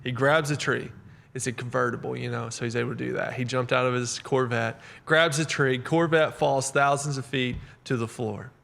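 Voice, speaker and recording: A man co-hosting a church talk show, chatting casually about faith and telling jokes with lively acted-out voices. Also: mid-range voice, normal speed, vocal fry. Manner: animated storyteller, acts out voices in jokes. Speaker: podcast co-host.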